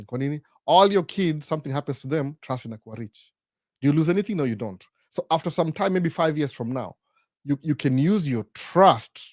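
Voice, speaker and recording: A man hosts a live Q&A, talking in an animated way and answering his own rhetorical questions. His voice sits in a middle register. The sound is close and dry. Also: medium pitch, no echo. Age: 40s. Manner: mixes English and Swahili, rhetorical questions, animated. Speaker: host. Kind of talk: live Q&A talk.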